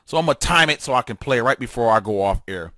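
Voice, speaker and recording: A man's voice: medium pitch, expressive, fast talker, pushed and bright, no echo, clean studio sound. Fiery, emphatic male talk host. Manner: fiery, emphatic and repetitive, with stammered restarts. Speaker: political talk show host. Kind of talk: solo talk radio monologue.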